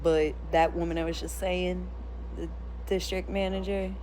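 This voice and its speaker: A woman vlogger telling a long story in a casual, animated rant. She is blunt and sometimes profane, with a slightly low voice. A faint hiss runs under the recording. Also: normal speed.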